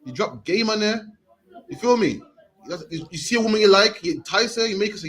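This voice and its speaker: British man, 30s, high voice, fast, emphatic street preaching. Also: lively intonation, fairly bright tone. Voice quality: emphatic, repeats "man" at line ends.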